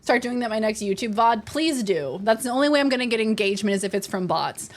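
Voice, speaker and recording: A woman's voice: on the high side, lively intonation, normal speed, hardly any pauses. A young woman casually chatting with her stream chat while gaming, playful and sarcastic, swearing freely.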